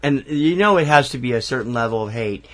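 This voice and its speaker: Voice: medium pitch, animated, fast talker, a bit bright. A co-host in casual chat, blunt and emphatic in their opinions. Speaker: podcast co-host.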